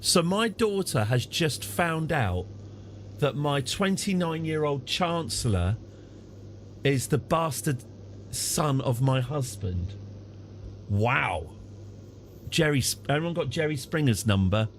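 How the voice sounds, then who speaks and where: A British man talks through a strategy game live, in a slow and unhurried way. His pitch swings widely as he reacts, and he chats freely. A faint hiss of noise sits behind his voice. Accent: British English. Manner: chatty, easily excited, apologetic after outbursts. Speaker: streamer.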